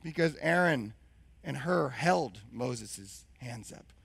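Hoarse, gravelly-voiced male pastor preaching. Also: mid-range voice, expressive, slow, no echo. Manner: preaching with rhetorical questions to the congregation. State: hoarse, lost his voice. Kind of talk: sermon.

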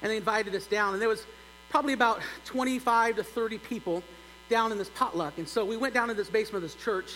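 A middle-aged male pastor telling a humorous story in a sermon, animated and building to loud exclaims. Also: sits high, fast talker. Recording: long church reverb, faint hum.

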